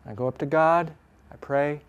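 A man with a somewhat high voice leads a Bible class. He recites scripture slowly, a phrase at a time, leaning on the words, then breaks into quick, upbeat explanation. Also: clean tone, dull audio. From Chicago. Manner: repeats verse phrases slowly with emphasis, then talks fast and lively. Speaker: Bible class teacher and counselor.

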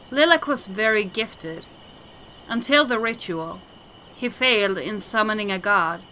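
A woman's voice: mid-range voice, bright, forceful tone, slight background noise, rough recording. A woman voicing a grave elder shaman who speaks in formal, solemn sentences. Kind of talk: game dialogue voicing.

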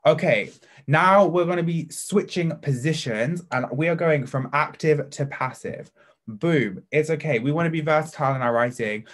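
A man teaching an online lesson for children, chatty and playful, with jokey asides. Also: medium pitch.

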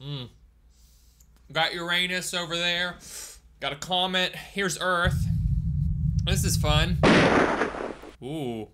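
A man's voice: high voice, slow pace, long pauses, smooth. Chatty man streaming a game. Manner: chatty, joking, animated. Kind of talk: casual gameplay commentary. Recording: loud game music behind.

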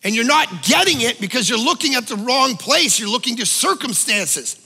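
A male pastor preaching a conversational sermon, emphatic, with sudden loud bursts and casual asides. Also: extremely high pitch, animated, moderate pace, gravelly, slightly rough, big-room sound. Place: church auditorium.

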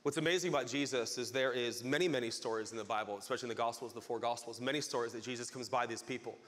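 A man preaching a sermon as pastor, telling a story with lively acted-out crowd voices. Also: mid-range voice, racing, in a large hall.

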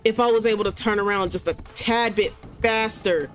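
At a desk mic, a woman gamer gives let's-play commentary, excitably yelling commands at the game and bantering in casual slang. Her voice is medium-pitched at a moderate pace, with faint music playing behind her.

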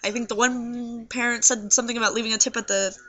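A young trans man with a high voice and a scratchy throat, rambling tiredly to the camera in a casual video diary. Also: steady tone, fast, pushed and bright. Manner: rambling, tired, many fillers. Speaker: video blogger. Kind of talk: casual vlog monologue.

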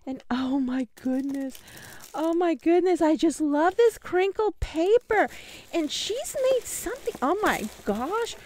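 An American paper crafting vlogger unboxes a craft swap on camera in casual chat, gushing, giddy and often exclaiming and laughing. Her very high voice is animated and slightly dark in tone, and she takes her time.

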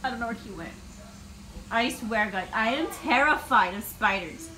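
A woman vlogs to her phone camera at home in an echoey room, panicking, exclaiming, and laughing nervously. Her fairly high voice is expressive, pushed, and bright, at a normal speed.

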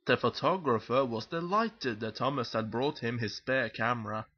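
A man narrating a children's picture book aloud in a lively, expressive storytelling manner. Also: mid-range voice, moderate pace, slightly rough, muffled recording.

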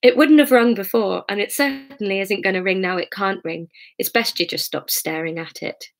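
A patient, kind man voiced by a woman reader speaks softly with a Scottish lilt. He reassures and never raises his voice in this read-aloud novel. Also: sits high, normal speed, vocal fry. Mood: gently firm. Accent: attempted Scottish. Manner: soft, reassuring.

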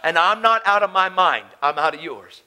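A man preaches with fervent passion, his voice pitched high and bright with a sharp edge. He swings from loud declarations down to hushed, tender lines. He talks from a stage microphone to a conference crowd. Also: animated, moderate pace, low-quality recording. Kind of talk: conference sermon. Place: conference hall.

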